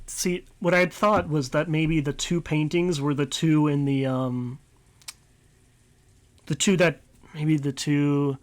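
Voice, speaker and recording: A man streaming a visual novel, reading narration aloud and rambling casually with light swearing. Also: on the high side. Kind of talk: let's-play commentary and reading aloud.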